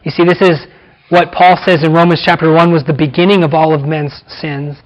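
Guy preaching a bible sermon, kinda high voice, repeats himself and slows way down for emphasis. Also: little pitch movement, muffled recording. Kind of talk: expository sermon.

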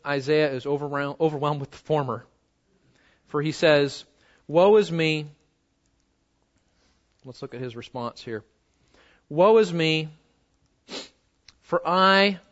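A man's voice: a little high, lo-fi sound. A man preaching an expository sermon as pastor, emphatic, swinging from raised stresses down to near murmurs and asking his listeners rhetorical questions.

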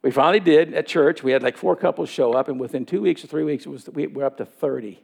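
High, gravelly-voiced male preacher. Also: fast talker, a little mellow. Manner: storytelling that acts out dialogue. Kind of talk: sermon.

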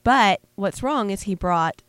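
Woman, podcast co-host, casual Bible talk, animated, emphatic, dry close sound. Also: mid-range voice, takes it slowly, no room sound.

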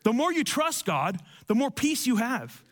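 A man preaching a sermon and telling a personal story, often dropping to soft, low tones for emphasis. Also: big pitch swings, unhurried. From Cuban family. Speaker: pastor.

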